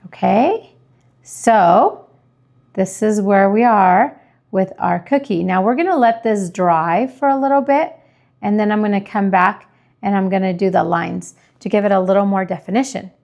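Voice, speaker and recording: A woman calmly explaining each step of decorating a cookie with icing as she works. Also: medium pitch, moderate pace, creaky. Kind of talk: step-by-step tutorial narration.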